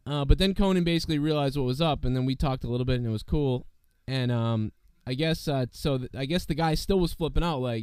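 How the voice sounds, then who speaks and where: A hoarse, sick-sounding man hosts a casual podcast, rambling with constant fillers and the odd curse. His voice is smooth and resonant despite the rasp, and it is recorded dry and close. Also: medium pitch, quick pace, hardly any pauses, a little mellow, dry recording. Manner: rambling, lots of fillers and swearing. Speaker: podcast host.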